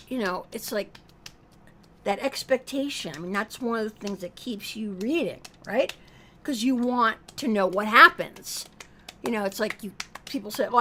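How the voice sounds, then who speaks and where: A woman's voice: a little high, a little hiss or hum. A middle-aged woman co-hosting a casual music chat, talking in a thoughtful, musing way. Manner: musing, thoughtful, lively when excited. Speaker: co-host, mother. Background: song playing faintly.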